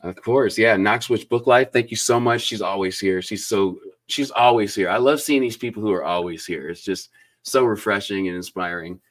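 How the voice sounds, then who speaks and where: A man hosts a live book interview in a lowish voice at normal speed, acting as an enthusiastic booktube interviewer. Between questions he thanks viewers effusively, with plenty of fillers and shout-outs throughout the chat.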